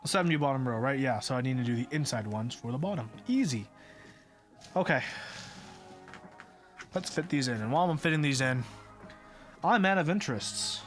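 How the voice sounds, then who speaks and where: A man's voice: medium pitch, fairly quick, pauses often, soft background music. Casual man muttering through a build. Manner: muttering to himself, puzzled asides. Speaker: streamer building a keyboard. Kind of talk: casual live-stream commentary.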